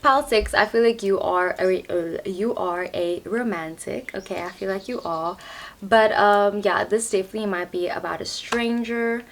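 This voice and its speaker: A woman's voice: mid-range voice, normal speed, a little hiss or hum. A young woman giving a casual tarot reading to a camera on a tripod, talking in a loose, chatty way full of "like" and "you know". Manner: chatty, filler-heavy, lots of "like" and "you know". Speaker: tarot reader.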